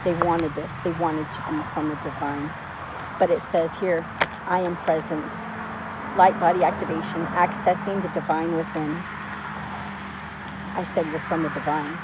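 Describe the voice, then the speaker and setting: A woman's voice: low voice, steady tone, normal speed, pauses often, heavy background noise. Rambling, swearing woman reading cards. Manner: rambling, swears freely, laughs often. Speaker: intuitive reader. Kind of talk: casual spiritual reading monologue.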